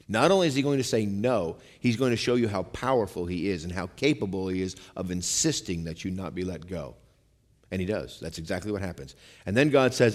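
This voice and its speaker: A man's voice: animated, brisk. Man preaching in a reverberant hall. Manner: conversational preaching, calls out amen; shifts between quiet low lines and raised emphatic ones. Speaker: pastor. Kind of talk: sermon.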